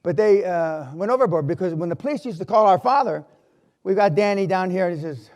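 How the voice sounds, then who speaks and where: An older man giving a live motivational talk in a university hall, telling stories bluntly and with swearing, swinging from loud to quiet. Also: sits high, lively intonation, quick pace. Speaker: motivational speaker.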